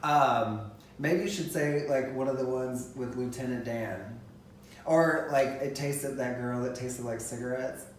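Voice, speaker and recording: A man in casual chat teasing his partner, filler-heavy and lively. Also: medium pitch, unhurried, slight background noise. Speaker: co-host, partner. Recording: echoey room, voice from far off.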